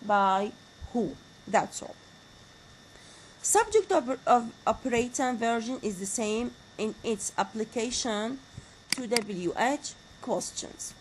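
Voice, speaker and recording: A woman giving a grammar lecture, slowly repeating example sentences. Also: a little high, expressive, a little hiss or hum, low-quality recording. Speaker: university lecturer.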